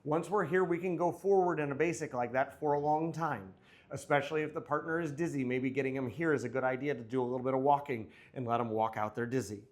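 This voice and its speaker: Man, mid pitch, dance teacher counting steps aloud, jokey and chatty, miked in a studio. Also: fast talker. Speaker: dance instructor. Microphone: wearing a microphone.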